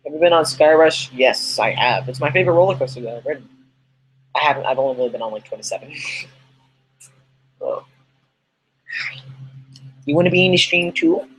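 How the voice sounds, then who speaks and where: A man's voice: a little high, expressive, fairly quick, pauses often, fairly bright tone, slight background noise, rough recording. A man hosting a casual livestream podcast, rambling and chatty as he answers viewers' questions. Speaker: podcast host reading live chat.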